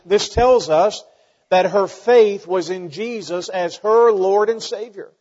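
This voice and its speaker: High-voiced preacher in an echoing hall. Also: male voice, slow pace, darkish tone. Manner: earnest preaching with frequent fillers and restarts. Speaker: pastor. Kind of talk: sermon. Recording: dull sound with long hall reverb.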